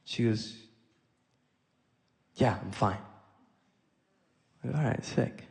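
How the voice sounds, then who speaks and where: A man doing a stand-up set, telling conversational stories in a medium-pitched voice. He slips into quoted dialogue as he acts out the scenes he describes. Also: slow, gravelly, pauses often, long reverb tail. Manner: conversational storytelling, acting out dialogue. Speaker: stand-up comedian. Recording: live audience laughing.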